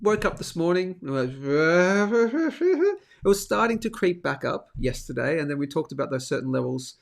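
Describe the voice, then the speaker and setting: A chatty Australian man hosts a casual live show at his desk mic, his voice pitched a little high. He sounds upbeat and friendly as he reads out viewer comments, and now and then he coughs from a throat infection he is getting over. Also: fast, gravelly. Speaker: host of a live stacking show. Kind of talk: casual live-stream chat.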